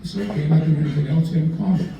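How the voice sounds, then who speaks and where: An older man tells rambling stories at a dinner gathering, slipping into the voices of the people he quotes. His voice is dark and mellow, pitched a little high for a man. He sounds far from the microphone, in a very echoey room with a faint hum behind him. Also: racing, dull audio. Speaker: lawyer telling stories at a dinner talk. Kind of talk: anecdotal after-dinner storytelling. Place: dinner event in a restaurant room.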